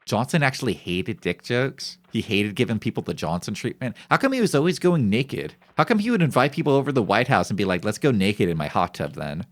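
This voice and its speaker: A man's voice: medium pitch, very animated, fast, hardly any pauses. A young man streaming, chatting casually in rambling, profane, joking banter. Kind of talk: casual chat on a live stream.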